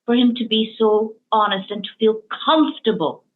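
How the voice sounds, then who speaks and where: Over a tinny line that sounds like a phone call, a Hong Kong-based woman hosts a casual interview chat. Her voice is fairly high and at normal speed, and her storytelling is emotional and rambling with plenty of fillers.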